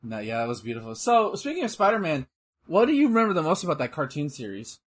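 Brief: excitable male co-host, husky voice, bouncy lively delivery, swears freely. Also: fairly high pitch, fast talker. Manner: excitable, swears and exclaims at the action. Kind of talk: casual watch-along chat.

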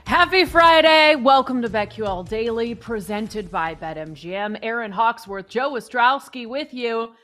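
An upbeat woman hosting a sports talk show, with a high and lively voice. She opens with playful energy. Her tone rises and falls freely. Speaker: host.

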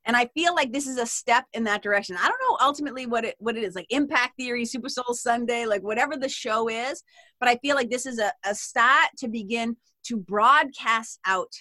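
Woman, Boston accent, podcast guest, animated casual chat, bright, dry sound. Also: a little high, fairly quick, no room sound. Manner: animated, swears freely, laughs often.

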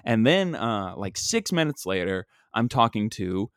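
Lower-voiced rambling young comic host. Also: male voice, very animated, unhurried, a bit bright, clean tone, no echo, clean studio sound. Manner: rambling, many fillers and restarts. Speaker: podcast host and stand-up comic. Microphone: single microphone.

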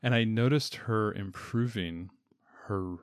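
Low deep male voice, homeschool parent, rambling casual talk, repeats words, dry sound. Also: takes it slowly, clear, resonant tone, dry recording. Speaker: homeschooling parent reviewing a reading curriculum. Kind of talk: casual podcast chat.

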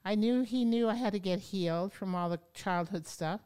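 Woman interview guest, clear resonant voice, lively storyteller who acts out what she once said, studio podcast. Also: mid-range voice, moderate pace. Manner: lively, acts out her own past words. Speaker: yoga teacher, podcast guest. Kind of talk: conversational storytelling.

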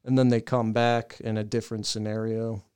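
Smooth-voiced man telling a profane story. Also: on the low side, normal speed. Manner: profane, animated storytelling with laughs. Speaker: podcast co-host. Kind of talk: casual podcast storytelling.

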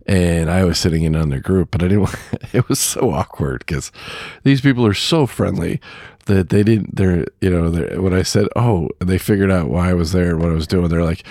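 A man's voice: deep voice, brisk, darkish tone, dry recording, clean studio sound. A man hosting a podcast, telling a rambling story in a casual monologue, with many fillers and chuckles. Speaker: podcast host; truck driver.

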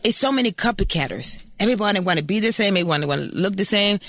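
Brash, fast-talking Puerto Rican woman. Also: mid-range voice, lively intonation, a bit bright, no echo. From Puerto Rico. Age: 30s. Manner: brash, profane, boastful. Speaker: interview guest. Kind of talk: casual interview chat.

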